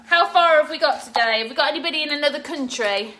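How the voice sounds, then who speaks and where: A woman's voice: sits high, fast, pushed and bright. A woman hosting a live cooking stream from her home kitchen, talking casually and greeting viewers by name. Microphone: phone camera propped on the counter.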